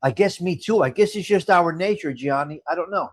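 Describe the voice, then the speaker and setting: Middle-aged man, livestream host, high voice, rambling chatter with laughs. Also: fairly quick. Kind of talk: casual live chat reading viewer comments.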